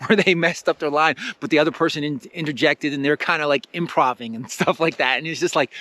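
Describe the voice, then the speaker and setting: Excitable, rambling man with a high voice. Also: no room sound. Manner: enthusiastic, rambling, many fillers and exclamations. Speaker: spiritual self-help host. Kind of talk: casual motivational talk.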